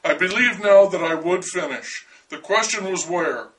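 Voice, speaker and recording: A man's voice: high-pitched, lively intonation, normal speed, a bit bright, recorded from a distance, rough recording. A man narrating a first-person story in a dry, wry way.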